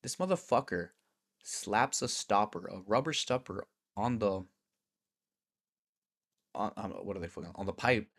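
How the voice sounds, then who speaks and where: A man with a fairly low voice tells a long story in a loose, casual vlog style. He swears freely and acts out each side of the conversations as he goes. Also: measured pace, pauses often. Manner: animated, profane, acts out conversations. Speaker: vlogger.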